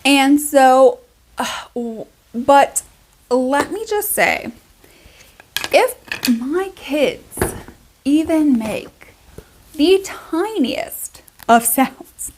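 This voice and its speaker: A woman's voice: high voice, extremely slow, long pauses, a little hiss or hum. Chatty woman vlogger telling a story. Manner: chatty, animated storytelling full of "like" and asides. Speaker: beauty vlogger. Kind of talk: casual storytelling while doing makeup.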